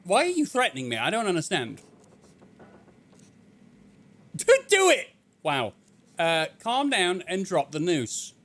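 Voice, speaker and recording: A man's voice: high-pitched, very animated, slow, pauses often, a bit bright. Guy streaming a game, jokey and disbelieving, voice bounces around a lot. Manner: joking, incredulous, laughs often. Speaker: streamer playing a video game. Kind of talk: casual gameplay commentary.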